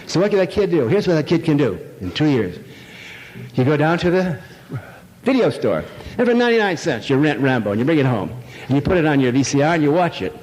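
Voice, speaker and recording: An older man gives an irreverent, rambling public lecture to a live audience in a large lecture hall, telling jokey stories packed with fillers. His voice is on the high side and darkish, very animated and fast. The recording echoes through the hall with faint noise.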